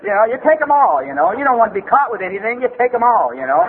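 Middle-aged LA man, high voice, loose rambling storyteller, thin phone-like sound. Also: sing-song, fast talker. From Los Angeles area. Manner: loose rambling delivery full of "man" and "you know". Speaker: recovery meeting speaker. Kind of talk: comic personal storytelling. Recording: tinny phone-like recording with faint hiss.

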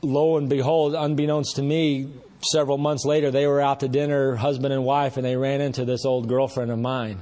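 A man's voice: medium pitch, flat delivery, brisk, few pauses, dark tone. A man giving a personal recovery testimony at a meeting, earnest and rambling, talking in a conversational way with frequent restarts. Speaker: speaker sharing recovery story.

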